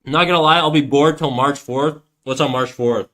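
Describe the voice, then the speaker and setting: A man's voice: medium pitch, normal speed, a bit bright. A man chatting casually on a livestream while he draws, joking and playfully defiant as he argues with his chat.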